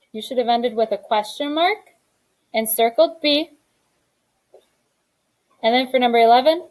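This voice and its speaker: Woman teacher, slightly high voice, classroom, reads each item then explains it. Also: lively intonation, measured pace, long pauses, a little mellow, poor audio. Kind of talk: classroom grammar lesson.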